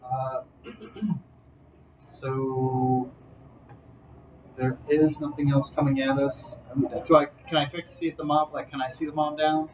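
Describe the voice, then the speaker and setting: A man's voice: medium pitch, steady tone, a little slow, pauses often, slight background noise, rough recording. A man playing a tabletop game, asking hesitant questions in casual chat. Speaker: player.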